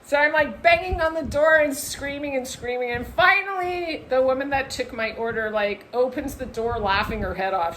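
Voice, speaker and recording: A woman vlogger telling a personal story to camera in a casual, animated way, full of "like" and acted-out voices. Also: fairly high pitch, moderate pace, a little hiss or hum, low-quality recording. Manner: animated, lots of "like", acts out voices in her story.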